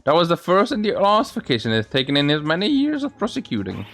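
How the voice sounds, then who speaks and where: A man's voice: a little high, huge pitch swings, fast talker, fairly bright tone, heavily acted. A man voicing an old man who talks in an old-fashioned way, calling people my dear and me boy, over faint game music. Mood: earnest.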